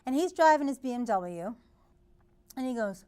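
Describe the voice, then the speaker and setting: A woman from Massachusetts's North Shore with an East Boston accent, hosting her show and telling a story in an animated, loud way, acting out the people she quotes. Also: a little high, normal speed, clean tone. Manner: animated, gets loud, acts out the voices of people in her stories. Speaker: host. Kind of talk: storytelling monologue.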